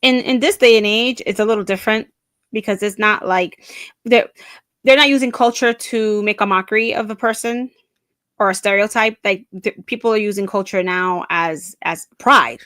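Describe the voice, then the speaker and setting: A woman's voice: medium pitch, normal speed, fairly bright tone, no room sound, studio quality. A woman co-hosting a casual podcast chat, chatty and laughing often. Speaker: co-host.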